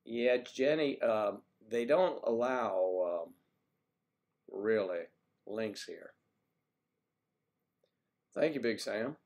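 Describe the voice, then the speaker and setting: A man's voice: lowish voice, drawn-out words, pauses often, darkish tone. Older man rambling on a livestream. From US East Coast. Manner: rambling, chatty, greets viewers by name. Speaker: livestream host. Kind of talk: casual livestream chat reading viewer comments.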